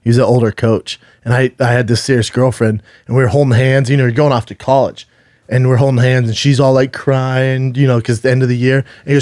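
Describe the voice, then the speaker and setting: A man co-hosting a podcast, telling a story in a relaxed, casual way, laughing, swearing and mimicking other people. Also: mid-range voice, fast talker, dry recording, clean studio sound. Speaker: podcast co-host.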